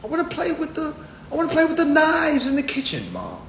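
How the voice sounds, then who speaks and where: A man's voice: very high-pitched, huge pitch swings, brisk, gravelly, fairly bright tone, roomy sound, slight background noise, pitched above the performer's own voice, heavily acted. A man voicing a bratty little boy who whines at his mother. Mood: whining. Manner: whiny, petulant.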